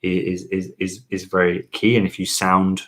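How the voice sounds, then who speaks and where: A man hosting a relaxed question-and-answer chat about learning French, rambling with many fillers and restarts. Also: deep voice, moderate pace. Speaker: channel host teaching French.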